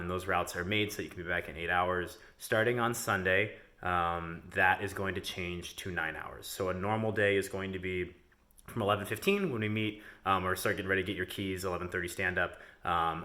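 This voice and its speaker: A man's voice: low-pitched, bright, forceful tone. A man who owns a delivery company gives a casual video update to his employees from indoors, rambling with many ums and uhs. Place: indoors in a house.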